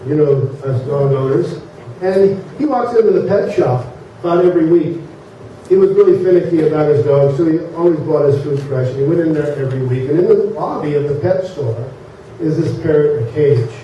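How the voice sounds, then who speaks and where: A male minister preaching a relaxed, storytelling sermon with frequent fillers. His voice is fairly high but mellow. It is picked up from a distance in an echoey church sanctuary, and the sound is dull and slightly lo-fi. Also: slight background noise. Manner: casual, joke-telling, halting with fillers.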